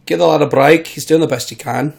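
A man putting on a cheeky cockney voice, pleading loudly and playfully for a break. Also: fast talker, creaky. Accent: put-on cockney. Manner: loud, playful, pitched up.

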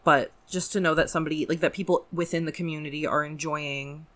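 A woman's voice: deep voice, fast talker. A woman who writes scripts, chatting casually on a podcast with fillers and easy laughter. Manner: relaxed, filler-heavy, laughs often.

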